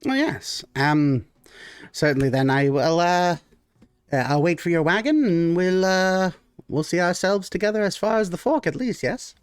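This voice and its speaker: A man's voice: high voice, lively intonation, normal speed, clear, resonant tone, no room sound, studio quality, pitched above the performer's own voice. A man voicing a small, stout male gnome merchant who speaks formally and courteously.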